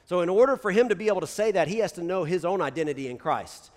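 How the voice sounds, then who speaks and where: A man preaching a casual sermon as pastor, talking very fast and tagging his points with "right?". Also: high-pitched, darkish tone. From United States. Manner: talks very fast, crams ideas together. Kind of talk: conversational sermon. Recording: long reverb of a large hall.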